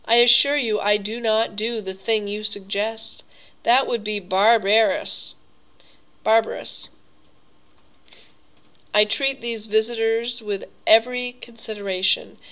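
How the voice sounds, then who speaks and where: Woman doing a smooth mocking old aristocrat, pleased with himself, cruel under the manners, audiobook. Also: on the high side, fairly even intonation, measured pace, a bit bright, poor audio. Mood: pleasant, menacing. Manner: urbane, mocking, coolly pleased. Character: suave, cruel older male aristocrat hunter. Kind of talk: audiobook reading.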